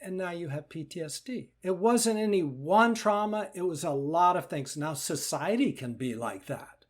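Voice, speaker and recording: A man teaching meditation in a live question-and-answer session, speaking gently and reassuringly and often repeating phrases. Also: sits high, lively intonation, moderate pace. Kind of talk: live Q&A talk.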